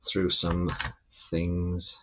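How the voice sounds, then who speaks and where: Male physics teacher, low voice, loose chatty lecture delivery with fillers. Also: drawn-out words, highs cut off. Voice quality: gravelly when relaxed. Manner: loose, rambling explanation with many fillers. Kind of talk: recorded lecture.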